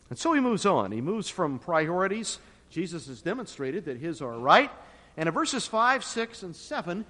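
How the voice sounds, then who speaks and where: A man preaching a sermon with emphatic, dramatic swings in pitch and loudness. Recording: long reverb of a large hall.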